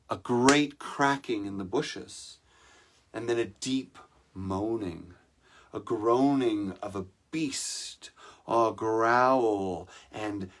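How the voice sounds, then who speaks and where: A man telling a dramatic story to an online congregation, often pausing to ask the audience questions. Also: mid-range voice, creaky. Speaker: spiritual teacher.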